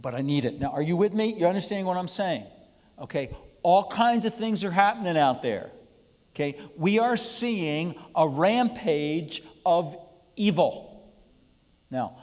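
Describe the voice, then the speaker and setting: Speaking to an audience in a church hall for a live stream, this man runs a sermon-like Bible study, pressing his points and checking in again and again with "okay?" His voice sits high and slightly mellow, trailed by a long reverb.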